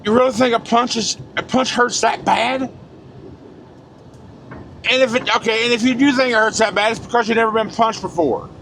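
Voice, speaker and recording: Inside his moving truck cab, with road noise underneath, a man in his 40s who vlogs about trucking rants casually, bluntly and profanely, all fired up. His voice is very high and a bit bright with vocal fry, and he keeps a moderate pace.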